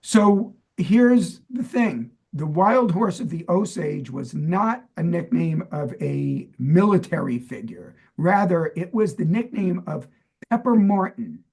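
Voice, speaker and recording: New York co-host, husky, gravelly, higher voice, playful quizzer. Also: male voice, lively intonation, slow pace, darkish tone. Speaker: podcast co-host. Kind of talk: casual chat.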